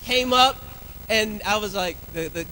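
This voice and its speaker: A man in his thirties preaches in a church, his voice high and bright with a forceful edge. He tells lively family stories as he preaches, and faint background noise sits under his voice. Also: unhurried, poor audio. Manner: lively storytelling with family anecdotes. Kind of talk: sermon. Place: church sanctuary.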